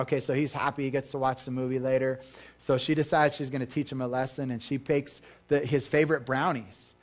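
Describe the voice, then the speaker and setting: A man's voice: mid-range voice, little pitch movement, a little fast. Conversational male pastor preaching a sermon. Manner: conversational, asks the congregation questions, acts out voices in his stories. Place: church.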